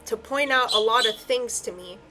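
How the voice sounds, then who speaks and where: A woman's voice: fairly high pitch, moderate pace, music in the background. A woman giving a heartfelt solo spiritual reading, earnest and emotional, her voice close to tears at times. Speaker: tarot and I Ching reader.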